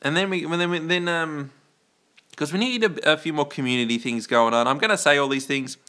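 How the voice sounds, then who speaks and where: A man from Australia hosting a live stream, with a bright, forward voice. He rambles playfully, trails off mid-thought and keeps restarting his sentences. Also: on the high side, brisk. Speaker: livestream host.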